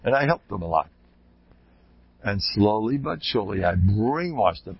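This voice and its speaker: A man's voice: lowish voice, expressive, normal speed, gravelly, pauses often, husky, dull audio. An older man, a rebbe, giving an informal Torah talk, joking and sprinkling in Hebrew and Yiddish terms. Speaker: rebbe teaching a Torah class.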